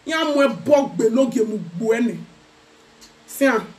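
A woman's voice: fairly high pitch, lively intonation, moderate pace, a little mellow. A young Nigerian woman vlogger giving a mocking gossip commentary rant in a taunting, sing-song way.

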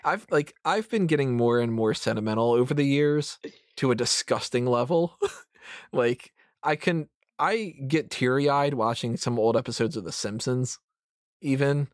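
A man in his thirties chats loosely on a podcast mic, rambling and poking fun at himself. The sound is close and dry, with no room around it. His pitch sits in an ordinary middle range. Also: moderate pace, no room sound. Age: 30s. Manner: rambling, self-mocking, laughs often. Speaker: podcast host. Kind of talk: casual roundtable chat.

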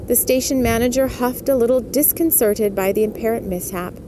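Gentle female storyteller for ASMR, slow, speaks to the listener. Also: fairly high pitch, noisy background.

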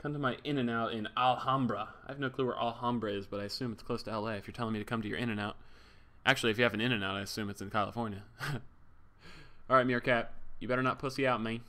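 A man's voice: medium pitch, steady tone, fast, bright, forceful tone. A young man streaming a game, chatting casually, joking, swearing and thanking subscribers as he reads the chat. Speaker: livestreamer.

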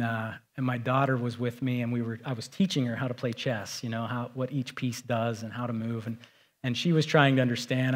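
Conversational storytelling pastor, a man. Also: mid-range voice. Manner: storytelling, conversational, rises to emphatic. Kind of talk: sermon.

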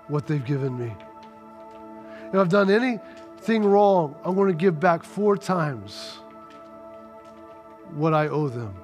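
A repentant tax collector speaks low and quiet, close to tears, as a preacher acts him out. He is earnest and subdued. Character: repentant short male tax collector, tearful.

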